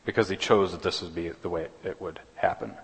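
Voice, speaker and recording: Pastor guy preaching in a big echoey church, lowish voice, keeps restarting. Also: fairly even intonation, brisk, gravelly. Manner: earnest, with many restarts and repeated words. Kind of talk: sermon. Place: church sanctuary. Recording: long hall reverb.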